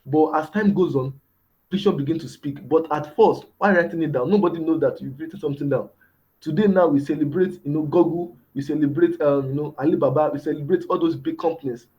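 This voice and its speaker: This is a mellow, somewhat high male voice moving a little fast through a motivational mentoring talk. Key words come back again and again, and he poses rhetorical questions. The lo-fi recording sounds dull.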